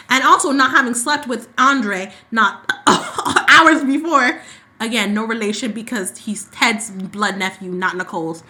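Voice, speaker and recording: A bright-toned woman with a slightly high voice. She chats her way through a soap opera recap and slips into the characters' lines with sass. The feel is loose, casual podcast banter. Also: a little slow. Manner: animated storyteller who acts out characters' lines. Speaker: podcast co-host.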